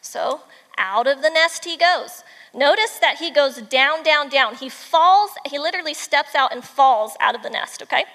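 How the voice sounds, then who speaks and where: A mother giving a devotional talk and retelling a children's story, animated and emphatic, with asides to her listeners. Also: sits high, moderate pace, long reverb tail.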